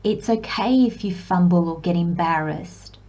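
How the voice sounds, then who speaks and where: In an unhurried pick-a-card tarot reading, a woman with a lowish voice speaks to her viewers as piles. She's reflective and gently encouraging, tossing in self-deprecating remarks, and the audio is lo-fi.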